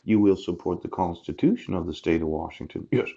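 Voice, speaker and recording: A man's voice: deep voice, brisk, vocal fry, warm tone, slightly rough. Man laughing between lines, saying yes. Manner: punctuates phrases with laughs and repeated "yes". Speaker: self-recorded speaker addressing officials. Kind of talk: rambling monologue. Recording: dull lo-fi sound.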